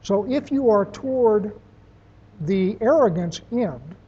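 A husky, mellow voice teaching a class in a plain, down-to-earth way, reaching for everyday examples. The sound is dull and lo-fi, like a muffled lecture recording. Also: mid-range voice, expressive, slow.

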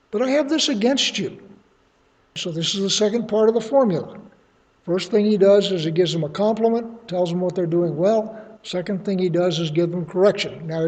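A man's voice: high-pitched, a little mellow. A man preaching a sermon, reading scripture and explaining it in a conversational teaching manner with folksy asides. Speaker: pastor. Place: church hall. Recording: dull sound in a long-echo hall.

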